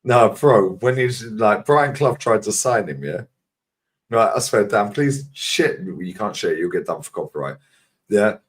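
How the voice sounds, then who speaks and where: A man's voice: lowish voice, lively intonation, measured pace. A man co-hosting a live stream, telling stories in a rambling, slangy way and checking in with his listener. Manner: rambling, slangy storytelling that keeps checking in with "yeah?". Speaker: stream co-host. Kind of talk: casual chat on a live stream.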